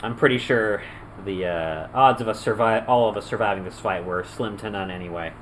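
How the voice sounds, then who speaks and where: A man narrating a tabletop game as game master, telling the story with animated flair and sudden loud yells. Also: fairly low pitch, a little fast, slight background noise, rough recording. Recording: music playing underneath.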